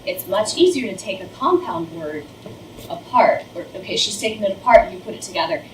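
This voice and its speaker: Her mid-range voice lively in intonation and a bit quick, a middle-aged woman who teaches first grade lectures trainees on reading. She explains through demonstrations, exaggerating the sounds, captured in a distant, roomy recording with a little noise.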